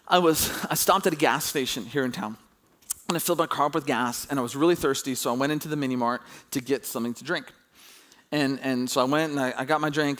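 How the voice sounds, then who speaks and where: A man preaching a casual sermon, telling a story with animated emphasis and plenty of restarts. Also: fairly high pitch.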